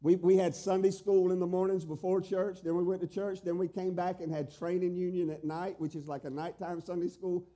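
This is a middle-aged man delivering a sermon in a high voice with a mellow, dark tone. He preaches emphatically, climbing into loud pleading questions and then dropping to a hushed, tender delivery. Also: level tone, brisk, hardly any pauses. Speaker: pastor.

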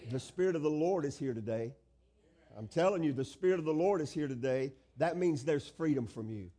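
A man's voice: on the high side, lively intonation, brisk, warm tone. A male pastor preaching a sermon, stretching out key phrases and asking the congregation questions.

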